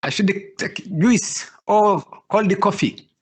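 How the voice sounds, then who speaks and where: A man's voice: sits high, slow pace. A male student giving brief answers in an online class. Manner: brief replies, laughing along.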